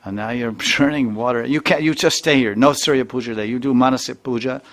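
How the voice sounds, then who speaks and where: A man voicing a sharp-tongued old mother-in-law who berates and stammers in anger. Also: mid-range voice, fairly even intonation, brisk, close to an everyday voice. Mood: scolding.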